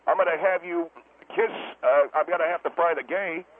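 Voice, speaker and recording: A man's voice: a little high, normal speed, lightly acted. A man playing a brash steakhouse owner who calls in to a radio show, talking defensively and stammering as he backpedals. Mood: blustering. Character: brash blustering male steakhouse owner on the phone. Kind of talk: comedic radio phone-in character. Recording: tinny phone line with faint hiss.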